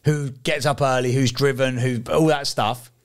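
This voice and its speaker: A man's voice: medium pitch, steady tone, moderate pace. A man from England co-hosting a podcast, chatting casually in a rambling, sweary way. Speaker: podcast co-host. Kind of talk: casual chat.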